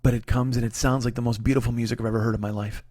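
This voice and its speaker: A man hosting his own comedy show, telling a long story in a profane, animated, self-deprecating way. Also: medium pitch, racing, no room sound. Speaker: comedian host. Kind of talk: comic storytelling monologue.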